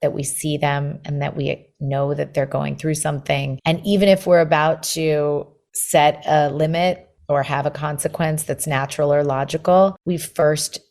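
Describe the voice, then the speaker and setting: A woman with a low voice talks as a guest on an interview podcast. She explains her method step by step and slips into the voice of a parent's inner thoughts as she goes. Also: level tone, normal speed, vocal fry, hardly any pauses, darkish tone. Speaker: guest, parenting book author.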